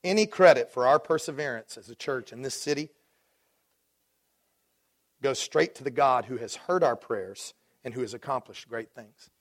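A man in his forties from Dallas preaching a sermon to his congregation, swinging between rising fervor and relaxed storytelling asides. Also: medium pitch, moderate pace, pauses often. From Dallas, Texas. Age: 40s. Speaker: pastor.

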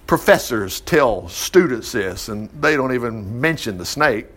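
A man's voice: mid-range voice, animated, measured pace, fairly bright tone. A man leading an informal Bible study, reading passages aloud and breaking in with chatty asides and rhetorical questions. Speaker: Bible teacher.

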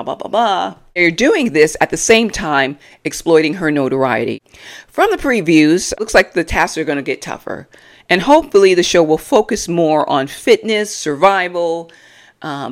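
A woman reviewing a reality TV episode on her own, blunt, sassy and mocking in her opinions. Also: low voice. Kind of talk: opinionated solo commentary.

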